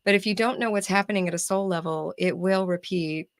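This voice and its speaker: A woman guest on a spiritual podcast explains her practice in an earnest, teaching manner. Her voice sits low and gravelly. The sound is dry and close, with no room around it. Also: fairly quick, dry recording. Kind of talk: casual podcast chat.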